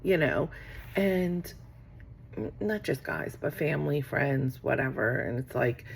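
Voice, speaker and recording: Gravelly middle-aged woman, rambling vlog. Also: a bass voice, animated, measured pace, slight background noise. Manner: rambling, acts out quoted exchanges. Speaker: vlogger. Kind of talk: casual talk to camera. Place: office.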